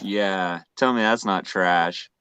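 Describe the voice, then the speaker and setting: Low-voiced, rambling laid-back man. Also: slow pace, pushed and bright, smooth, no room sound. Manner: rambling, many fillers and restarts, laid-back. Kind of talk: casual chat.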